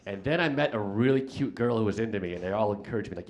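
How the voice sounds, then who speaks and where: On a comedy club stage before a live audience, a young man performs stand-up, telling rambling, self-deprecating stories full of restarts and filler words. His voice is lowish, and he talks fast with hardly any pauses.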